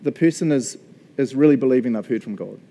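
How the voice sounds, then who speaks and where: Middle-aged New Zealand pastor, warm low tone, chatty self-mocking sermon storyteller. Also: male voice, quick pace.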